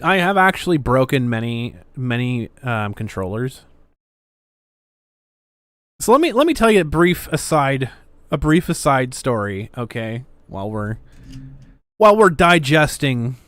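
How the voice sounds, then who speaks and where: This livestream host is a man from Canada who reads out viewer messages in a casual stream, tossing in sarcastic remarks and curses. He speaks at a medium pitch with a slightly bright tone, and there's no echo on the recording.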